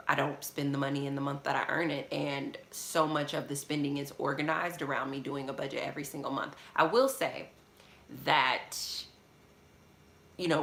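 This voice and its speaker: A woman's voice: sits low, a bit bright, echoey room, a little hiss or hum. A woman hosting a live question-and-answer chat from her studio apartment, reading out viewer questions and answering them candidly. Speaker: budgeting channel host.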